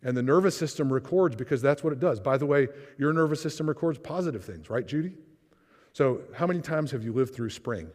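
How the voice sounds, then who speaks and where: A man speaks at a church seminar, his voice at a middle pitch and carried by a long hall reverb. He talks in a chatty way, often slipping into quoted inner voices to make his point. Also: animated, a little fast, a little mellow. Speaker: speaker on trauma.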